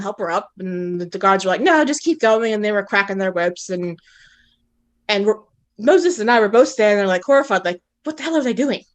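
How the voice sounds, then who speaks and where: Woman, conversational storyteller, medium pitch, animated delivery with plenty of "um" and "like", slips into quoted dialogue. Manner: frequent fillers like "um" and "like". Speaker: guest, past-life reader.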